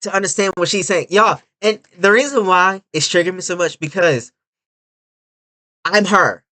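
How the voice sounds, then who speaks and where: A man giving casual reaction commentary, animated, swinging from loud outbursts to low mutters. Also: normal speed. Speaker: reaction video creator.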